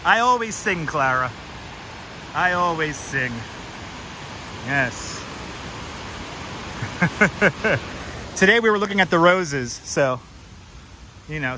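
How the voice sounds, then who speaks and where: A high-pitched, pushed and bright voice belongs to a chatty, jokey host doing a walking livestream in a forest garden, welcoming viewers and reading signs out loud. The wireless clip-on mic gives poor audio with a little hiss or hum.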